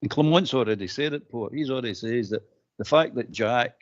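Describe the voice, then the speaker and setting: Emphatic Scottish man on lo-fi audio. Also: fairly quick. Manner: forceful, emphatic, rising pitch when insistent. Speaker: radio show panelist. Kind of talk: casual football phone-in chat. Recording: dull lo-fi audio.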